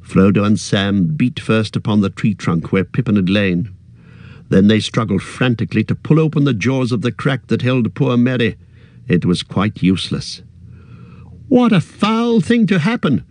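A man reading a fantasy story aloud in a steady, measured narration. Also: on the low side, no room sound. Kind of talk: audiobook narration.

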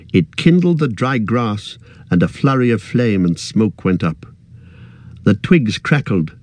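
A man reading a fantasy story aloud in a steady, measured narration. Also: on the low side, no echo. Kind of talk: audiobook narration.

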